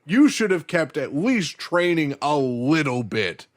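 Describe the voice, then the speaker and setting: A man voicing a proud, scornful male warrior who scolds in a low, contemptuous tone. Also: sing-song, measured pace.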